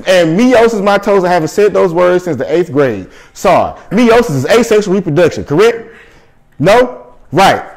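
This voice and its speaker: A man's voice: high-pitched, big pitch swings, moderate pace. A young man co-hosting a casual chat, talking defensively and repeating himself on a rant. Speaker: co-host.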